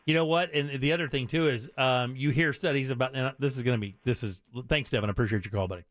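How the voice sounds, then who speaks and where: A man hosting a call-in radio show, chatting casually, animated and self-deprecating, often restarting his sentences. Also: mid-range voice, fast talker, no room sound, clean studio sound.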